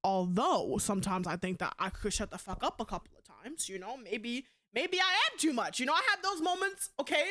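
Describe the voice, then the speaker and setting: Young woman streamer, loud and sweary, bright tense voice, kinda high. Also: animated, a little fast, few pauses. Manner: loud, blunt and profane, often laughing. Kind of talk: casual live-stream chat.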